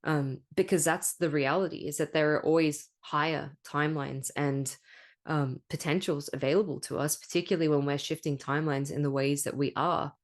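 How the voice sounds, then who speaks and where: A woman with a low, deep-set voice talks through a spiritual podcast monologue. She is candid and emphatic, swears freely, and keeps checking in with a rhetorical "right?". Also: steady tone, normal speed. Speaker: podcast host.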